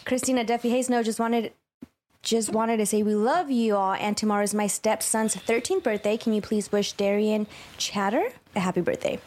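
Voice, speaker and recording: A woman's voice: medium pitch, fairly even intonation, moderate pace, darkish tone, a little hiss or hum. Giggly woman reading out super chats. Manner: upbeat, laughs often while reading names. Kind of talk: casual chat.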